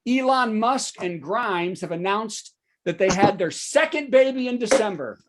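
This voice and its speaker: A man's voice: high-pitched, expressive, a little slow. Guy doing a news comedy monologue. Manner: joking asides, checks in with the audience. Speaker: stand-up comedian hosting a virtual show. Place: home setup for a virtual show.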